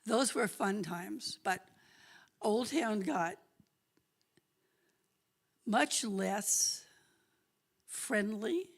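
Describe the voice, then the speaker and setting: A woman telling a lively story at a church talk, chatty and laughing often. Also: mid-range voice, very slow, pauses often. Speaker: guest speaker.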